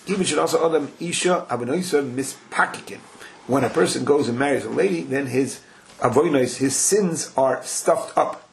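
Gravelly man teaching a Talmud class. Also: mid-range voice, a little hiss or hum. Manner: animated, acts out quoted dialogue, mixes in Hebrew and Yiddish terms.

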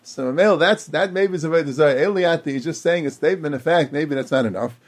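A man giving a Talmud lecture, explaining quickly in run-on sentences and acting out the speakers he quotes. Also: on the high side. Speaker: Talmud teacher.

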